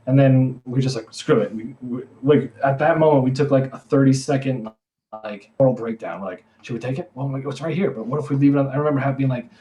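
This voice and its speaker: A man's voice: medium pitch, fast, a little mellow. Brief: young guy, mid-range voice, loose rambling storyteller on a chat podcast. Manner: rambling, full of "like" and self-corrections. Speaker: podcast co-host. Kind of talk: casual storytelling.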